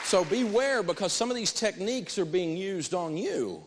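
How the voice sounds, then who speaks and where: A man giving an animated talk on negotiating, telling personal stories and repeating key phrases for emphasis. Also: high-pitched, moderate pace, long reverb tail, over a noisy crowd, heavy background noise. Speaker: financial speaker teaching negotiation.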